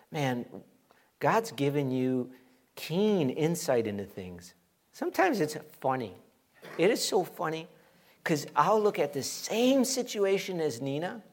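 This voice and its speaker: A middle-aged man preaching with a voice pitched a little high for a man. He builds to emphatic peaks and slips into playful quoted voices as he makes his points. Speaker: pastor. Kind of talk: sermon.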